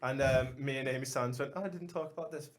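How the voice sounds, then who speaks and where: A young man co-hosting a podcast in casual chat, sweary and quick to laugh. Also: mid-range voice. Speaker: podcast co-host.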